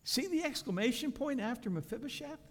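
Male preacher with an animated, swooping delivery, heard in a big echoing sanctuary. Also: very high voice, fairly quick. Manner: animated preaching with dramatic emphasis. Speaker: pastor. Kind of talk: sermon. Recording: reverberant hall.

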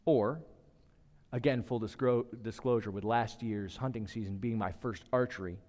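A man in his thirties preaching a sermon, talking to the congregation like a conversation, dropping to a hush and then rising with emphasis. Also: lowish voice, moderate pace. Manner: conversational preaching, shifting between hushed and emphatic. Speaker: pastor. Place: church hall. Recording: long hall reverb.

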